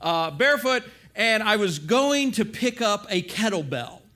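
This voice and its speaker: A man preaching in an animated, confessional storytelling way, often checking in with his listeners. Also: high-pitched, a little slow. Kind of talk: storytelling sermon.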